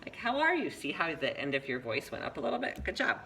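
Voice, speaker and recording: A man's voice: medium pitch, sing-song, quick pace, gravelly, bright, forceful tone, a little hiss or hum, low-quality recording. A man teaching a one-on-one reading lesson, patient and encouraging, explaining step by step.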